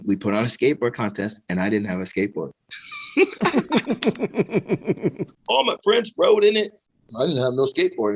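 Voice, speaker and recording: Animated middle-aged man telling stories. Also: mid-range voice, husky, rough recording. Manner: animated, laughing storyteller who acts out quoted voices. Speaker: guest, pro skateboarder and musician. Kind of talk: casual interview storytelling.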